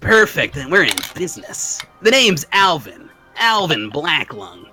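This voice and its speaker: A man voicing a gruff male inventor and shady fixer who wheezes and coughs while he wheels and deals. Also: fairly high pitch, sing-song, measured pace, pushed and bright, faint music behind, full character voice. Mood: scheming.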